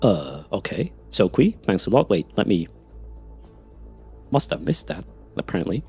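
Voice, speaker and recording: A man's voice: on the low side, sing-song, moderate pace, darkish tone, breathy edge, soft background music. A man with a Swiss German accent chatting casually with his live-stream audience while playing, often repeating words as he starts a sentence. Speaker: game streamer.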